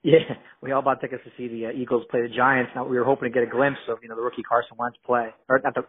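Husky man on a tinny phone line. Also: mid-range voice, flat delivery, quick pace. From New Jersey. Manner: rambling, with many fillers and restarts. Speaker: guest. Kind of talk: casual podcast chat. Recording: narrow phone-like sound.

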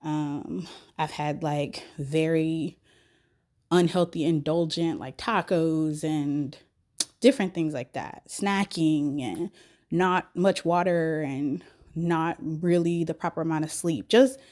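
Young woman, podcast host, under the weather with a scratchy throat, lower voice, playful and chatty. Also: fairly even intonation, slow pace, a little mellow. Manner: chatty, laughs often, playful asides. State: sick with a cold, scratchy throat. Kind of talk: casual solo podcast talk.

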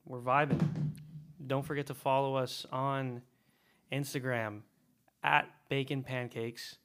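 A man's voice: medium pitch, little pitch movement, takes it slowly, fairly bright tone. A young man co-hosting a casual podcast, joking and steering the segments. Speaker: podcast host.

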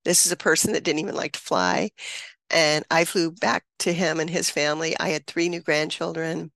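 A woman in her seventies speaks as an interview guest, with a gravelly, creaky edge to her voice. She tells a personal story with feeling, laughing often and acting out the people she quotes. The sound is dry and close, with no room echo. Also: deep voice, fairly bright tone.

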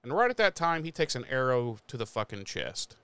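A man's voice: mid-range voice, big pitch swings, fairly quick, sharp tone, clear, resonant tone, no room sound. A man casually recapping a TV episode, rambling, swearing freely and laughing often. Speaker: podcast host recapping episodes. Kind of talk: casual profane recap chat.

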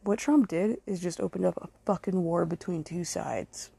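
A woman's voice: lowish voice, moderate pace, vocal fry, dark tone, slightly rough. A woman hosting her own podcast, delivering a blunt, angry and heavily profane solo rant aimed straight at her critics. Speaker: podcast host.

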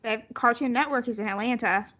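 A woman's voice: fairly high pitch, a little fast, very noisy. A woman with a Southern US accent, co-hosting a podcast in easygoing, giggly casual chat. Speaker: podcast co-host.

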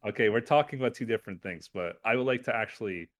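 A man co-hosting a casual chat about video games, rambling and correcting himself, with sudden animated bursts. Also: lowish voice, fast, no echo. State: has hiccups.

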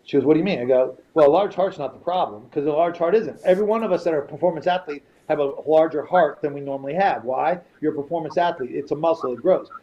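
A man's voice: a little high, quick pace, hardly any pauses, muffled recording. A man, a retired fighter, is a podcast guest telling a story casually in blunt, profane language and often repeats himself.

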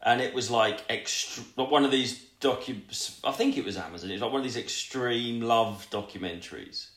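A man's voice: medium pitch, normal speed, fairly bright tone, roomy sound. A man telling a crude, rambling story in casual podcast chat. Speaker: podcast co-host.

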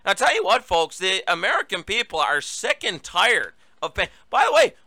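A man's voice: sits high, big pitch swings, normal speed, pushed and bright, no echo. A man hosting a talk show, delivering a sarcastic, ranting political monologue to his listeners. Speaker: radio talk show host.

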